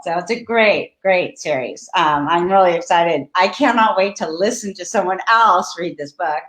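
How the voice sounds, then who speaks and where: A woman's voice: lowish voice, moderate pace, fairly bright tone. A woman author chatting casually over a video call, with frequent ums and restarts, then reading from her novel. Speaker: guest author. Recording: echoey room.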